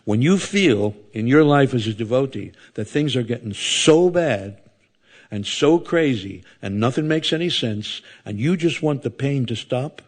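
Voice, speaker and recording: An older man speaks to a temple gathering in a storytelling sermon. He spins his tale with frequent asides and brings its characters to life by voicing them. His pitch sits in an ordinary middle range. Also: unhurried. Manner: animated storyteller, acts out voices, many asides. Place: temple hall before an audience.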